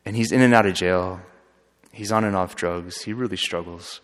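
A man who is a friar, telling a story in an earnest, halting way with frequent restarts. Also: sits low. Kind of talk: storytelling talk. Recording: long hall reverb.

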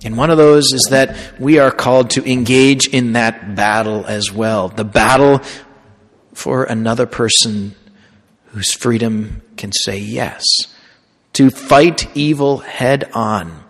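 A man who is a Catholic priest, giving a sermon in a slow, conversational storytelling way. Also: medium pitch. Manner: conversational storytelling preaching, slow deliberate phrasing. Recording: long hall reverb.

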